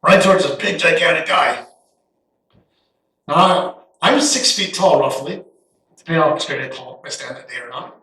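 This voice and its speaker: Preaching as a guest in a church sanctuary, this middle-aged man has a lively, folksy style and slips into quick impressions of biblical figures. He sits high in pitch for a male speaker. The distant recording carries the big hall's echo.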